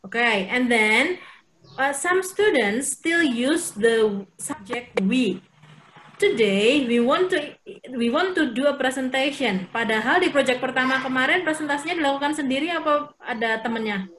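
A woman's voice: high voice, lively intonation, normal speed, fairly bright tone, a little hiss or hum, low-quality recording. A woman with an Indonesian accent teaching an English class over a video call, explaining rules and quizzing students. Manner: explains step by step, asks the class questions. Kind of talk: online class instruction mixing English and Indonesian.

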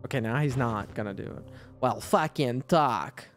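A man's voice: medium pitch, moderate pace, soft background music. A man giving casual, profane gameplay commentary, rambling with filler words and mocking the characters in exasperation. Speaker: gamer playing through his backlog.

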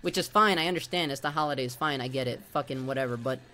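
A man's voice: mid-range voice, quick pace, bright, forceful tone. A man ranting angrily on a gaming live stream, venting his frustration with a lot of swearing. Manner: angry, profane venting.

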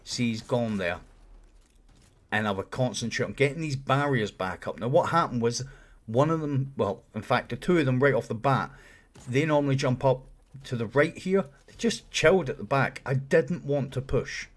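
A man's voice: medium pitch, normal speed. A man talking viewers through a game run in a casual, explanatory commentary voice-over. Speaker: video game guide creator.

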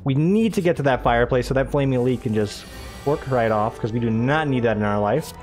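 A man's voice: mid-range voice, expressive, brisk, darkish tone, faint music behind. A young American man hosting a let's-play, chatting casually and rambling about his day while he plays, laughing often. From United States. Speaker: gaming channel host.

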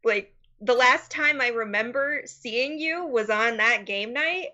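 A woman's voice: a little high, a little slow, pushed and bright, dull audio. A woman co-hosting a game night stream, chatting casually and asking a guest friendly questions. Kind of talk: casual chat, interviewing a guest.

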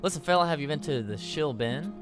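A man's voice: a little high, animated, a little fast, faint music behind, lightly acted. A man reading a teasing male stranger in a game in his own voice.

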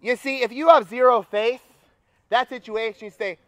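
High-voiced young man preaching. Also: normal speed, dry recording. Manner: energetic, rallying the crowd. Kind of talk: sermon. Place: campus retreat gathering.

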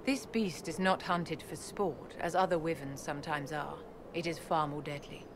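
A haughty court enchantress. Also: female voice, low voice, steady tone, normal speed. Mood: regal, aloof. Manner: formal, stately and condescending diction. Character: haughty female court enchanter, poised, imperious, secretive. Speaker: game character. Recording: game audio with background noise.

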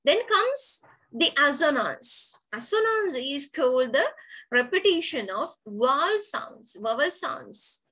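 Slow, high-voiced woman teaching poetry. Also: big pitch swings, bright, forceful tone, low-quality recording. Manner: slow, explaining step by step with repeated terms. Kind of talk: online poetry lesson. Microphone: video call.

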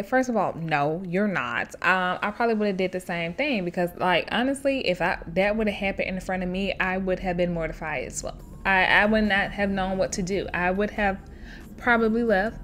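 A woman hosting a show where she reads online stories aloud and reacts to them in an expressive, chatty way, laughing often and talking straight to her listeners. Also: mid-range voice, a little fast, slight background noise. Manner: chatty, addresses listeners directly. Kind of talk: casual storytelling with commentary.

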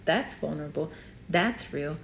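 Gravelly Brazilian-accented woman, earnest therapist. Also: sits low, lively intonation, a little slow, reverberant, a little hiss or hum. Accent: Brazilian Portuguese. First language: Portuguese. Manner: earnest, heartfelt, repeats phrases for emphasis. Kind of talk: teaching talk to camera.

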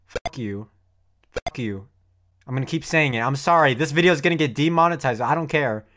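A man reacting to an anime episode with casual commentary, loud and cursing. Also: on the high side, quick pace, faint music behind. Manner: heated, profane outbursts.

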